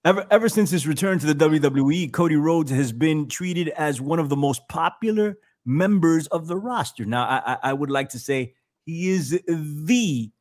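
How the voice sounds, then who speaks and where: A man hosting a podcast in casual chat, animated and jokey, laughing often as he riffs. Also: on the high side, moderate pace. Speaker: podcast host.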